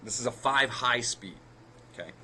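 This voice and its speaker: A man co-hosts a card game podcast, talking casually as he works through the math of card plays step by step and correcting himself along the way. His mid-range voice is sharp and moves at a normal speed, with a little hiss or hum underneath.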